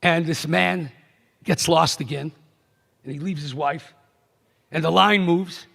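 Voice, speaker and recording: A middle-aged man, a rabbi giving a keynote address, telling stories in an animated way that swings from hushed to emphatic. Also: on the high side, slow pace, vocal fry. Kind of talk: storytelling speech. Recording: echoey banquet hall PA.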